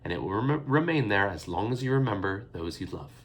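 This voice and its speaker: A man voicing a loving mother who speaks softly and tenderly to her children. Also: fairly low pitch, lively intonation, brisk, close to an everyday voice. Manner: soft and tender.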